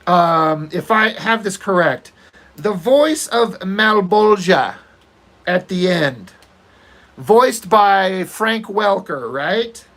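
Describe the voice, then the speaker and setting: Slow, ranting male artist. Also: sits high, animated, fairly bright tone. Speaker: artist working on a comic page. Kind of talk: casual rambling chat while drawing.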